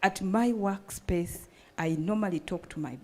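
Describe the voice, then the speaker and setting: A woman's voice: medium pitch, measured pace. A woman panelist speaking earnestly and passionately at a panel discussion.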